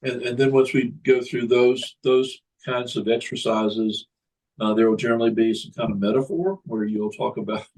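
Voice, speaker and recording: A man who works as a hypnotist, explaining his methods and telling stories in a relaxed podcast conversation. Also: medium pitch, normal speed, rough recording. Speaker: hypnotist guest. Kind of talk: casual podcast chat.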